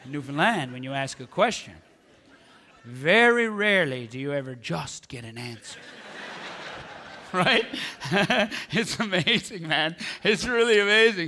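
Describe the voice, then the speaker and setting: A man doing stand-up comedy on a large theatre stage, brash, profane and energetic, into a handheld mic. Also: fairly high pitch, measured pace.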